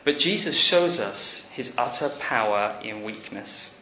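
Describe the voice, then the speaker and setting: A man preaching a conversational sermon, animated, rising to emphatic peaks and then dropping quiet. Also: mid-range voice, measured pace, slight background noise. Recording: echoey church hall recording.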